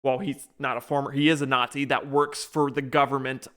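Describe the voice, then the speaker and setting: A man's voice: medium pitch, flat delivery, fairly quick, a bit bright. A young man co-hosting a casual podcast chat, rambling through a show's plot with many restarts and fillers. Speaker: podcast co-host.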